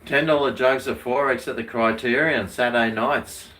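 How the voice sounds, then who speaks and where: A man's voice: medium pitch, fairly even intonation, normal speed, fairly bright tone, roomy sound, recorded from a distance, slight background noise. A man with an Australian accent, chatting casually as co-host of a live stream, rambling with many restarts. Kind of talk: casual chat.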